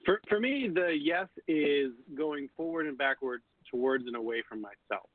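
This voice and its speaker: A man's voice: on the high side, expressive, normal speed, dry recording. A man who teaches pendulum use, explaining thoughtfully in casual conversation. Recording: phone-like dry audio.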